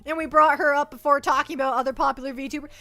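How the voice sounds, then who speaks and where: A woman VTuber chatting on a livestream in a very high, bright voice. She is excitable and giggly and trips over her words, with soft music playing behind her. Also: quick pace. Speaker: VTuber streamer. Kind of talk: casual livestream chat.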